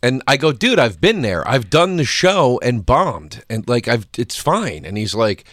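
A man's voice: medium pitch, very animated, a little slow, fairly bright tone, dry recording, studio quality. A middle-aged man, a guest comedian, telling a story on a casual podcast and acting out both sides of it.

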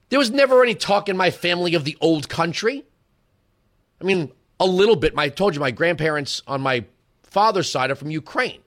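A man's voice: a little high, lively intonation, fairly quick, a bit bright. A man in his forties hosting a political talk radio show, giving an emphatic, rhetorical monologue that moves between lecturing and storytelling.

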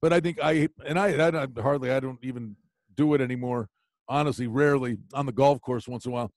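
A man hosting a casual sports chat, telling stories in an animated way. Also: mid-range voice, quick pace, no room sound, studio quality. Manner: animated storyteller.

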